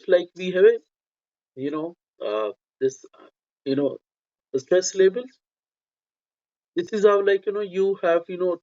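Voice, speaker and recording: A man's voice: a little high, a little mellow, lo-fi sound. A man teaching a lesson, talking hesitantly with many fillers and restarts. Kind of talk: spoken lecture on poetry.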